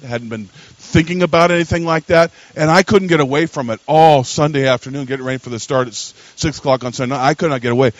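Older male preacher, high-pitched, storytelling sermon delivery that rises to forceful emphasis. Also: no room sound, highs cut off. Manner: storytelling preacher, swinging from quiet asides to loud emphatic peaks. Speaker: pastor.

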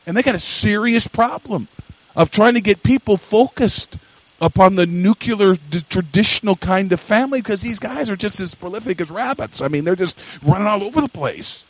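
An older man preaching a sermon as a pastor, telling a story and swinging from quiet asides to loud, emphatic peaks. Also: high voice, lively intonation, normal speed, dry recording, highs cut off.

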